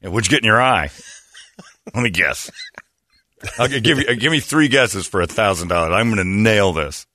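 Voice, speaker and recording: A man's voice: fairly low pitch, animated, normal speed, pauses often, sharp tone, no room sound. A man hosting a talk show, telling a comic story in a rambling, self-interrupting way and laughing at his own jokes. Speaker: radio show host. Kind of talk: comedic storytelling banter.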